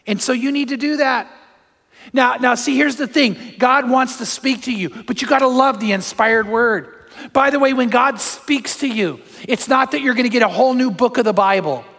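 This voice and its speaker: A middle-aged male pastor preaches with a high voice, telling personal stories and acting out the voices he quotes. He drops playful jokes along the way. His voice carries a long reverb, as if recorded in a large church hall. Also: moderate pace, creaky, a bit bright. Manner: storytelling, acts out quoted voices, jokey asides. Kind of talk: sermon.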